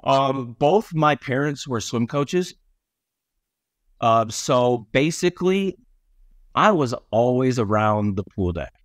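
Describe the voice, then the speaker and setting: A man from upstate New York, a podcast guest, telling stories in a relaxed way with lots of ums and likes. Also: medium pitch, takes it slowly, no room sound, clean studio sound. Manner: laid-back, many ums and likes. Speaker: podcast guest, former Olympic swimmer. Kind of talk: casual storytelling chat.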